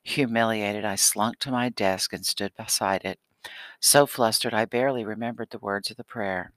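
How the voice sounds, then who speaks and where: Low, bright-voiced man narrating. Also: steady tone, normal speed, dry recording. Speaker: audiobook narrator. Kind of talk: scripted audiobook narration.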